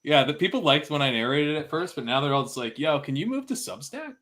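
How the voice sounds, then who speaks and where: A man co-hosting a loose stream chat, his voice a bit higher than most men's and bright and forceful. He laughs constantly and answers in quick, agreeable bursts. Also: sing-song. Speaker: co-host and narrator. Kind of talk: casual live-stream chat.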